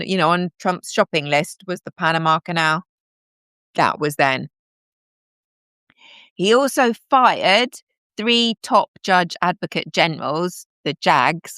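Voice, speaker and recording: A woman's voice: lowish voice, a bit bright, no echo, studio quality. A woman hosting a live stream, giving casual political commentary in a chatty, sarcastic way and talking to her viewers.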